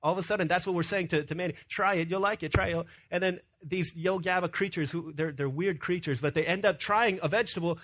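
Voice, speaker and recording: A young man preaching a sermon, telling stories in an animated way and often repeating words as he starts a sentence. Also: high voice, fast, hardly any pauses.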